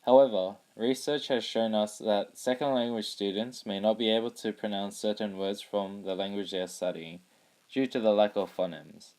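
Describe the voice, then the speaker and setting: A young man reading a prepared school presentation in a steady voice. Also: on the low side, normal speed. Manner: reads a prepared script steadily. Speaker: student presenter. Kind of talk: school project narration.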